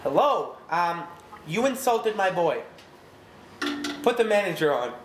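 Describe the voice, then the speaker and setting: A man making a prank phone call, putting on a mock-angry, sarcastic tone and talking down slowly to the person he is calling. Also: high-pitched, big pitch swings. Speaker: prank caller. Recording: echoey room with loud background noise.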